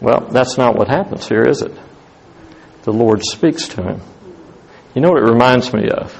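A man preaching a sermon as pastor, animated, rising to emphatic highs and dropping to hushed tones. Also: normal speed, creaky, slight background noise, low-quality recording.

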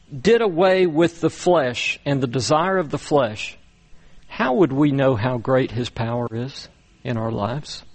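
A man delivering a sermon at an unhurried, measured pace, pausing often and repeating words for emphasis. His voice sits slightly higher than most men's. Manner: slow, deliberate preaching with many pauses and repeated words. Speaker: pastor.

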